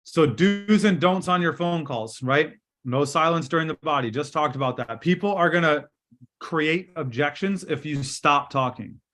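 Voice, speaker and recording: Middle-aged male sales coach, slightly high voice, punchy and direct, on a video call from a hotel room. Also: moderate pace. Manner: energetic, direct, coaching with role-played sales lines. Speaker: sales trainer. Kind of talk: live online training session.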